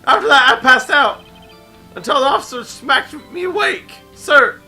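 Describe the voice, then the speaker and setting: A man voicing an overeager young police officer who shouts and barks "sir" after everything, in a video game playthrough. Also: very high voice, animated, normal speed, soft background music, heavily acted. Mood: frantic. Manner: shouting, barks 'sir' constantly.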